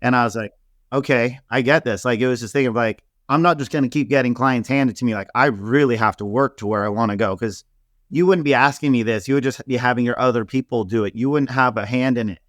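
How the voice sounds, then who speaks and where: Relaxed man telling lively stories, dry sound. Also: mid-range voice, fast talker, no echo. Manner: animated, laughing storyteller with many fillers. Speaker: celebrity hairstylist guest. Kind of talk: casual interview storytelling.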